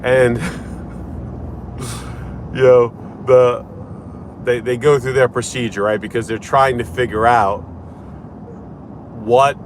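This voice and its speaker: A man's voice: medium pitch, slow pace, pauses often, slight background noise. A man chatting casually in a morning vlog from his car, rambling through a story with lots of restarts. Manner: chatty, rambling, animated retelling with repeated restarts. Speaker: lawyer. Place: in a car while driving.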